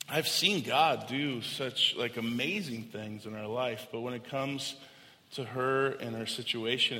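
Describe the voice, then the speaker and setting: Male pastor, earnest conversational sermon, bright tone, long church reverb. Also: mid-range voice. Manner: earnest, conversational, personal storytelling.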